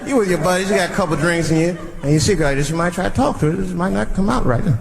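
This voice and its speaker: A man doing a stand-up comedy set, telling profane stories and acting out other people's lines in loud outbursts. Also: high-pitched, very fast, gravelly, long reverb tail. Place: live comedy venue with a laughing audience. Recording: live crowd and loud ambience.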